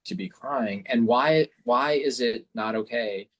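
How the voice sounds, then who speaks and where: A man's voice: mid-range voice, unhurried, fairly bright tone, husky. A man who is a guest in a casual interview, speaking reflectively and repeating words as he searches for his phrasing.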